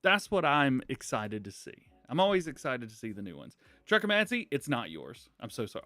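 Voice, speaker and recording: A man's voice: mid-range voice, wildly swooping pitch, fairly quick, hardly any pauses, bright, forceful tone, dry recording. A man hosting a casual gaming news livestream, rambling, laughing often and apologizing to chat. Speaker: livestream host.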